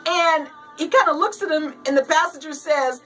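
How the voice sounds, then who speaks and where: A woman's voice: high voice, moderate pace, pushed and bright, far from the mic, faint music behind, low-quality recording. A woman hosting a casual show, chatting and reading a joke aloud, laughing often and acting out the voices as she reads. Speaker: host.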